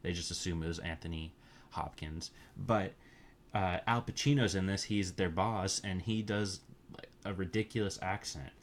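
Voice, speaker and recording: A man's voice: sits low, moderate pace, slight background noise. A man casually recapping movies in a crude, offhand, meandering way, full of fillers and asides. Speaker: movie reviewer.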